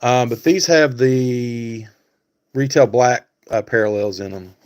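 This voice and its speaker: A man's voice: medium pitch, takes it slowly, clean tone. A man hosting a casual live stream, talking to viewers by name and thinking aloud with many fillers. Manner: talks back to chat viewers by name.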